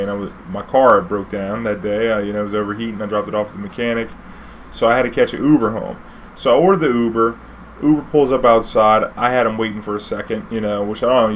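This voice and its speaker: A former cab driver from New Orleans rambles through a story in a casual vlog, laid-back and heavy on slang and fillers. His voice is fairly low, with a little hiss or hum in the audio.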